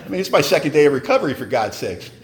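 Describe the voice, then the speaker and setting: A man sharing his story at a recovery meeting, animated and joking in a wry way. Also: fairly high pitch, racing.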